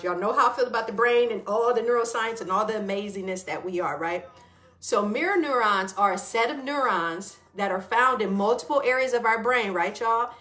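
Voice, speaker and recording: A woman hosting a casual wellness livestream, talking loosely to her viewers and greeting them by name as she goes. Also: mid-range voice. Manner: warm, chatty, greets viewers by name mid-talk.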